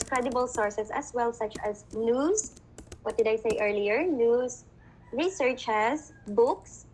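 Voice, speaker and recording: A woman's voice: a little high, a bit bright, poor audio. A woman teacher with a Filipino accent, giving an online class lecture over a video call, mixing English with Tagalog and often checking that students understand.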